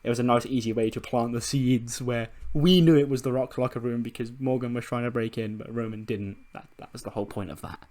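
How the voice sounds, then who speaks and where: A man's voice: mid-range voice, steady tone, brisk, few pauses, a little mellow. A man casually narrating and commenting on his game run, swearing freely and laughing along. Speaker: gaming video host.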